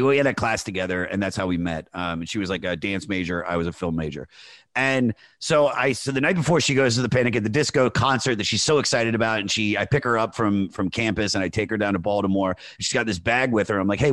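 A man's voice: lowish voice, a bit bright, no room sound. A man telling a long story in casual podcast chat, rambling with many fillers. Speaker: podcast guest.

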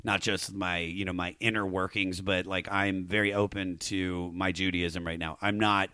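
A man's voice: sits low, flat delivery, normal speed, sharp tone, clean tone, dry recording, clean studio sound. A man in his late thirties hosting a casual podcast chat, loose and jokey, swearing casually. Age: 30s. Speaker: podcast host.

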